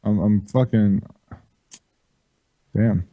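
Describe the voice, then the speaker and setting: A man's voice: lowish voice, fairly even intonation, very slow, dry recording, narrow, tinny audio. A man co-hosting a live call-in show with crude, joking banter. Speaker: podcast co-host.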